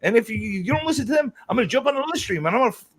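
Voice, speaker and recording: A man's voice: extremely high pitch, expressive, very fast. A man hosting a livestream who rants in a heated, profane way and keeps repeating himself while he builds his point. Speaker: livestream host.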